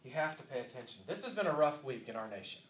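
A man in his thirties, a pastor, delivers an earnest sermon in a church sanctuary, repeating key lines for emphasis. His medium-pitched voice is very animated and fast. He's recorded off-mic from a distance, and the room echoes.

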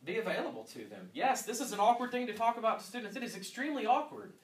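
Man, 30s, youth pastor, earnest preaching, loud bursts of emphasis, distant mic, echoey hall. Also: high-pitched, very animated, quick pace. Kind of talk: teaching talk to youth workers. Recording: roomy sound from a distant mic with faint ambience.

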